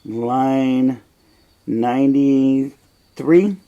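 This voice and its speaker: Slow-talking, blunt male teacher. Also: medium pitch, dark tone, lo-fi sound. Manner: blunt, frank, unhurried retelling. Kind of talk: explaining a play line by line.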